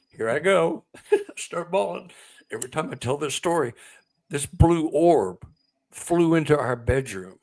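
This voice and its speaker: A man on as a guest, telling a personal story in a conversational, emotional way. He gets excited and stumbles over repeated words when the memory moves him. His voice sits close to tears. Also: fairly high pitch, measured pace, creaky, pauses often. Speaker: author and guest.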